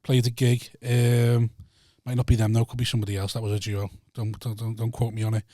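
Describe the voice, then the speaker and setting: A man's voice: medium pitch, monotone, fairly quick, mellow, no room sound, studio quality. A man, co-hosting a podcast in blunt, sardonic banter. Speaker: podcast co-host. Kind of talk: casual chat.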